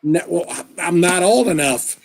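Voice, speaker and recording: A man's voice: sits high, animated, unhurried, crowd noise. A man in casual chat, laid-back and joking, ribbing the others.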